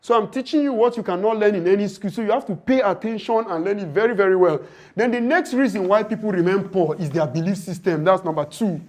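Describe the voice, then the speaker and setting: High-voiced trainer lecturing. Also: male voice, fast. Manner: repetitive, rhetorical questions, acts out dialogues. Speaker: leadership and finance trainer.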